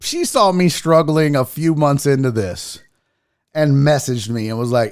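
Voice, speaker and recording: A man hosting a casual sports livestream, excitable, emotional and quick to swear. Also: fairly high pitch. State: out of breath. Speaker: sports show host.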